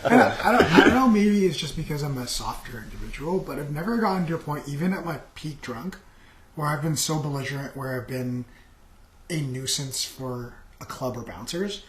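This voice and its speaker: A man's voice: a little high, lively intonation, brisk, reverberant, rough recording. A man in casual podcast chat, hesitant and self-deprecating. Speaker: guest.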